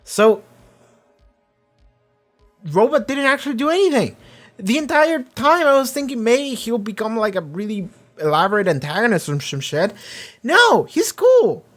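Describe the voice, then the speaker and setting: A young man casually recapping a show's episode, excitable, profane and rambling. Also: sits high, normal speed, pauses often, faint music behind. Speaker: show reviewer.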